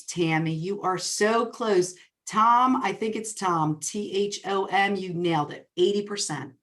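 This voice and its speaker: A woman with a New Jersey accent, a real estate coach presenting a webinar in a fast, excited, upbeat way. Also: medium pitch. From New Jersey, US Northeast.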